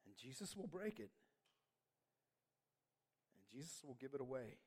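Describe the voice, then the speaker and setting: A male pastor delivering a lively sermon, laughing often and acting out little quotes. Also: medium pitch, normal speed, breathy edge. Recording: long reverb of a church hall.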